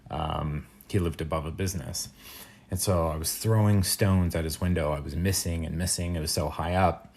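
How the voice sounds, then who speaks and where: Brief: man, deep and raspy, casual rambling story. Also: steady tone, moderate pace, a little mellow. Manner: rambling, building to a punchline. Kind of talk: storytime monologue.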